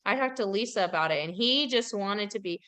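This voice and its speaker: Gossipy woman podcast host, smooth voice. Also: medium pitch, a little fast. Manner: animated gossipy storytelling with giggles. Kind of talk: casual pop culture chat.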